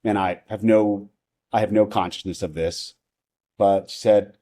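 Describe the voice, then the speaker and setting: A man's voice: lowish voice, fairly even intonation, unhurried, warm tone. Man telling a story in rambling conversation. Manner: rambling, with frequent restarts and asides like "right?". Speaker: podcast guest, investor.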